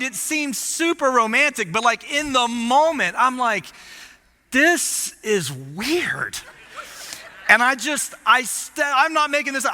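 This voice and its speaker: A man preaching as lead pastor, telling a story in an animated, self-mocking way. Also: very high-pitched. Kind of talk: storytelling sermon. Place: church auditorium. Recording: long hall reverb.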